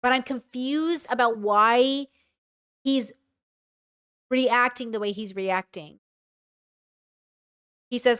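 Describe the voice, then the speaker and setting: A woman's voice: fairly high pitch, steady tone, unhurried, pauses often, clean tone, no echo, studio quality. A woman streamer reacting to and reading out chat messages in a casual commentary style. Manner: casual, swears while reading.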